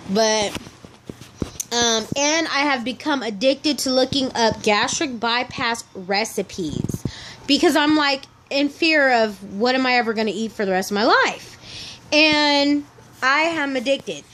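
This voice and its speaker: A young woman vlogging casually to camera, telling stories in a chatty, animated way and acting out what other people said. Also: sits high, unhurried, a little hiss or hum. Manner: chatty, animated storytelling, acts out quoted people.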